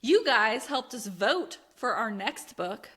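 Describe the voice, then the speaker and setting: Middle-aged woman co-host, lively anecdote teller, bright and a touch high. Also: slow pace. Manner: animated storyteller, acts out quotes with loud laughs. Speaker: podcast co-host. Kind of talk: casual chat.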